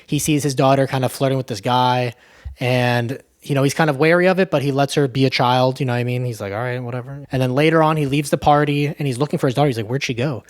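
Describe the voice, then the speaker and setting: A man's voice: medium pitch, steady tone, quick pace. A man casually retelling a movie plot, loose and profane, full of fillers. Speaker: movie recap host.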